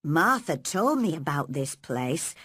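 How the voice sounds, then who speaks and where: Gentle country boy, read by a woman. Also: deep voice, very animated, slow, breathy edge, dry recording, clean studio sound, pitched below the performer's own voice, heavily acted. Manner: gentle and easy.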